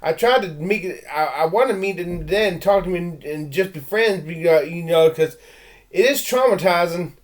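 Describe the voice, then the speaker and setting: A man's voice: sits high, moderate pace. Stammering, heated man ranting. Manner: stammering, with frequent restarts and repeated words; intense and heated, with blunt threats. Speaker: vlogger. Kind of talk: rambling personal rant to camera.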